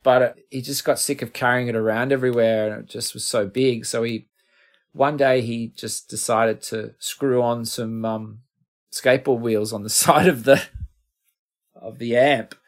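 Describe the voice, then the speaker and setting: A man's voice: mid-range voice, steady tone, moderate pace. A middle-aged man with an Australian accent, a guest musician telling rambling, self-deprecating stories in a casual interview.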